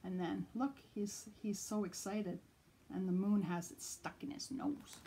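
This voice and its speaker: A woman's voice: mid-range voice, fairly even intonation, a little slow, dark tone, a little hiss or hum. A woman reading a picture book aloud, narrating with animation, pointing out pictures and sometimes dropping to a whisper. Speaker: reader.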